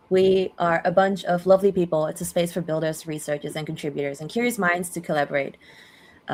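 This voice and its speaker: A woman with a hosting a casual online community call, upbeat and quick to laugh, with fillers. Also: low-pitched.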